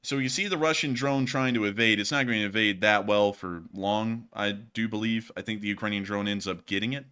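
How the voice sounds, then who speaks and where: A man's voice: on the low side, steady tone, a little fast, hardly any pauses, sharp tone, smooth. A man co-hosting a casual war news stream, talking energetically and joking, with lots of "man" and "like". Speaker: co-host.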